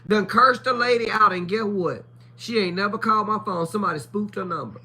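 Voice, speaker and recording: A woman's voice: medium pitch, a little fast, bright, forceful tone, a little hiss or hum. A woman chatting casually on a livestream, telling blunt, profane stories and acting out the voices of people she quotes. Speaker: livestream co-host. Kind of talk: casual chat.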